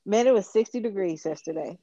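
Lively wry woman on a dull line. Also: medium pitch, fairly quick, dry recording. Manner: lively, wry, laughs often. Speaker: podcast co-host. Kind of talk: casual chat.

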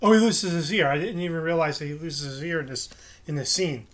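A man's voice: fairly high pitch, fairly quick, fairly bright tone. A man co-hosting a casual chat, asking guiding questions with some fillers. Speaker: podcast co-host.

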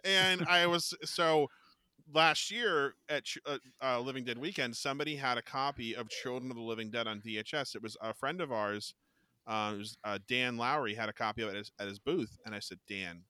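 Bright-voiced man telling animated stories. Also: mid-range voice, brisk, clean tone, no room sound. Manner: animated anecdotes, mimics other people's voices; casual, swears freely. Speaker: podcast co-host. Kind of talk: casual chat, storytelling.

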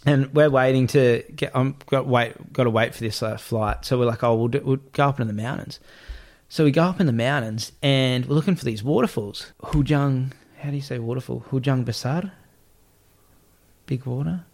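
Man, casual storyteller, lively, acts out the voices in his story, mid-pitched. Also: normal speed. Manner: animated, acts out quoted voices, swears casually.

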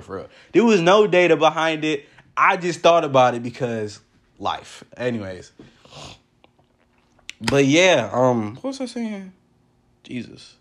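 Rambling young man with a lively voice. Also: medium pitch. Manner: rambling, loose slangy talk, laughs often. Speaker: podcast host. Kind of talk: casual solo podcast monologue.

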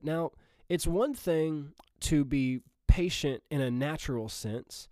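A man's voice: a little high, slow, few pauses, a little mellow, no echo, clean studio sound. A man with a Southern Missouri accent, hosting a podcast and preaching in a casual, earnest way full of fillers and restarts.

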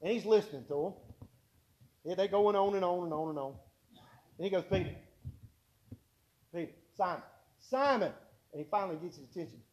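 A man's voice: high voice, quick pace, pauses often, warm tone, dull audio. A man preaching a sermon, telling folksy stories and repeating his points for emphasis. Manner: folksy storytelling with emphatic repetition.

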